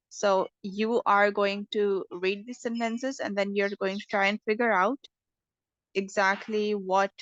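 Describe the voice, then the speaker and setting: A woman's voice: medium pitch, a bit bright, dry recording. A woman teaching English intonation in an online class, explaining patiently and checking in with "okay?" as she goes. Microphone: online call. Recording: slightly lo-fi call audio.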